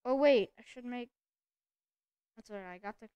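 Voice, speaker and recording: A young woman narrates her own game play, chatty and easily excited. Her voice sits high, and the sound is dry and close, with no room echo. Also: moderate pace, clear, resonant tone, dull audio. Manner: chatty, excitable, talks to herself. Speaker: gamer. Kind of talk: let's play commentary.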